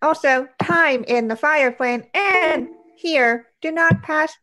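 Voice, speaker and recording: Woman doing a robot crewmate, high voice, precise, literal, tabletop role-play. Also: slow, pushed and bright, full character voice. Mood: deadpan. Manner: precise, literal, matter-of-fact. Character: logical, blunt female ship robot crewmate.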